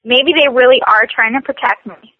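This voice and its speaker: A woman coaching a tapping session, speaking slow, repetitive scripted phrases. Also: high voice, dry recording, dull audio.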